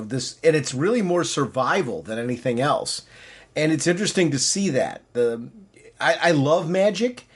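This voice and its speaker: Male podcast co-host, casual chat, slightly high voice, eager and rambling. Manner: enthusiastic, rambling, many restarts.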